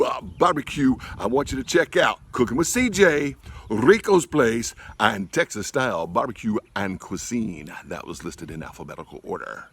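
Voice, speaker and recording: A middle-aged man with a fairly low voice talks his viewers through a recipe. His delivery is folksy and rambling, and he keeps tossing in a quick "all right?". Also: fairly bright tone, breathy edge. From Louisiana, USA. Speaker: cooking channel host. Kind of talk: casual cooking video talk.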